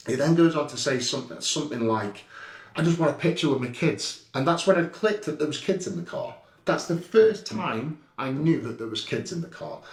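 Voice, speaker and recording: A blunt, heated middle-aged man tells his story in a casual, indignant way. His voice sits at an ordinary pitch. It carries a roomy echo, and he sounds a little back from the mic. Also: expressive, moderate pace, recorded from a distance. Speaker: vlogger recounting an incident. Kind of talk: casual first-person account over CCTV footage.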